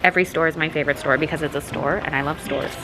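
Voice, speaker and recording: A young woman vlogging in a gushing, excitable way, gasping and exclaiming as she chats. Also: low voice, very fast, faint music behind. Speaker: lifestyle vlogger. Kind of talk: casual vlog chat.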